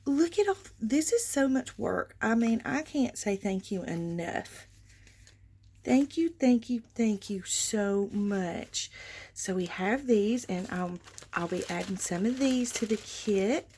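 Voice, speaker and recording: Gushing, slow-talking woman crafter. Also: medium pitch, husky. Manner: gushing, excitable, frequent gasps and exclamations; addresses viewers as y'all. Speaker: craft channel host. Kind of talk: casual show-and-tell vlog.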